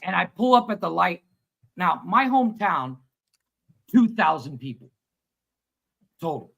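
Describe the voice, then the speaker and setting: A man in his thirties co-hosting a casual livestream chat, telling a long story with lively acted-out quotes and plenty of swearing. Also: high voice, unhurried, gravelly, poor audio. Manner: animated storyteller, acts out quotes, swears freely. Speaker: podcast co-host.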